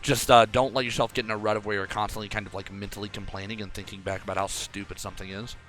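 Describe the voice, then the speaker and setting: A young man coaching a player over a call in a casual, animated way, often acting out his own thoughts aloud. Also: on the low side, racing, over music.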